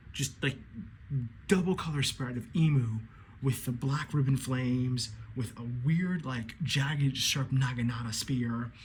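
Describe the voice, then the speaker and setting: A man giving an excitable, casual recap of a comic chapter, acting out the characters' lines and swearing freely. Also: medium pitch, a little hiss or hum. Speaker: anime commentator.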